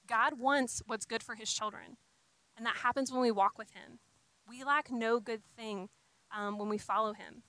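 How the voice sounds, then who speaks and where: A woman's voice: a little high, steady tone, normal speed, bright, forceful tone, no room sound, poor audio. A young adult woman giving an earnest, conversational sermon, with frequent restarts and casual fillers. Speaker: speaker giving a talk on faith and singleness.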